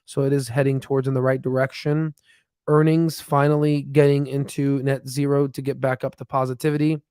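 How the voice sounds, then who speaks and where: Casting note: male stock-stream host, middle pitch, loose and rambling, dry close sound. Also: flat delivery, brisk, darkish tone, clear, resonant tone, no room sound. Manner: rambling, filler-heavy, thinks aloud with restarts. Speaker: stock market livestream host. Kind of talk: casual live chat while reading charts.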